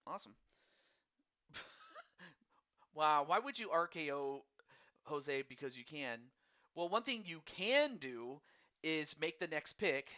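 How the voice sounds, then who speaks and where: A man with a bright, forceful voice hosts a casual live-streamed draft. He rambles and stumbles over repeated words in a friendly, upbeat way. The audio is dull and lo-fi. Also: a little high, big pitch swings, takes it slowly, long pauses. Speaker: host of a fantasy hockey draft stream.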